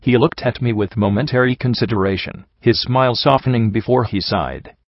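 A man reading a fan fiction story aloud in an even, wry storytelling manner. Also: medium pitch, fairly quick, few pauses, dry recording, muffled recording. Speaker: audiobook reader. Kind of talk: fan fiction audiobook narration.

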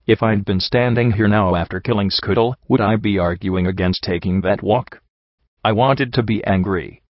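A man narrating a first-person audiobook in a steady, introspective storytelling manner. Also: on the low side, moderate pace, no room sound. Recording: dull lo-fi dry recording.

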